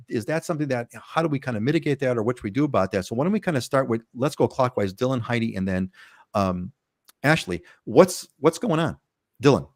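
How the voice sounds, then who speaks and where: A man's voice: mid-range voice, no room sound, clean studio sound. Chatty rambling male show host. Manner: rambling, chatty, many restarts. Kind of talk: live panel show chat.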